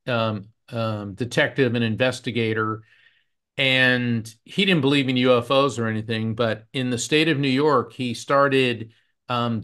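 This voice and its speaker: A man's voice: medium pitch, a bit bright. A man who works as a psychic medium, telling earnest anecdotes as a podcast guest. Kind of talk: podcast storytelling.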